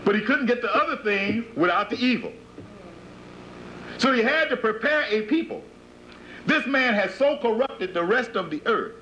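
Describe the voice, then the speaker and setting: A man's voice: sits high, expressive, normal speed, long pauses, sharp tone. A man preaching to followers, emphatic and repetitive, firing rhetorical questions at them, on a dull 1980s tape with faint hiss. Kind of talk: sermon-like lecture to followers.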